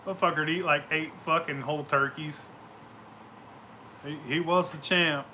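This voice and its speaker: Boisterous, profane man, bright voice. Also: a little high, fairly even intonation, moderate pace, slight background noise. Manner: profane, boisterous, laughs often. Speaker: show host. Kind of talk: casual rambling storytelling.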